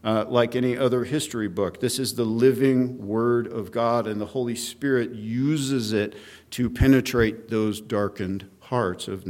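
Preaching verse by verse, this middle-aged pastor reads passages out loud and explains them at a steady teaching pace, stumbling into frequent fillers and false starts. His voice sits on the low side.

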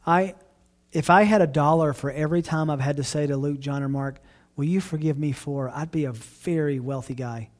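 A middle-aged man speaks as a pastor in an informal question-and-answer talk. His voice sits a little high for a man, and he talks earnestly, often circling back to restart a phrase. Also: brisk, few pauses. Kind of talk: casual Q&A talk.

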